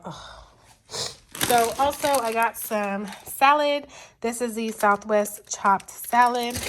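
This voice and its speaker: A woman's voice: on the high side, noisy background. A woman in her thirties vlogging a casual grocery haul, chatty and calling viewers y'all, a little stuffy from a cold. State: stuffy, sniffling.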